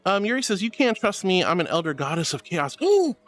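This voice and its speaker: High-voiced giggly male streamer. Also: lively intonation, fast talker, a bit bright, faint music behind. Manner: playful, giggly, affectionate. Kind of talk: livestream chat reading.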